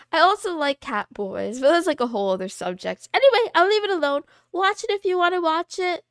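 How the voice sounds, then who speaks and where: Giggly young woman streamer, lively pitch. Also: dry recording, studio quality. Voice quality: giggly, playful and quick to laugh. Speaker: VTuber streamer. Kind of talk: casual livestream chat.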